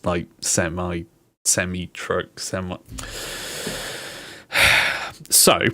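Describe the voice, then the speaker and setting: A young man streaming casually, swearing freely and laughing as he reads out silly chatbot jokes in a higher mock voice. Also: completely flat delivery, drawn-out words, bright, forceful tone, no echo. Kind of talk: casual livestream chat.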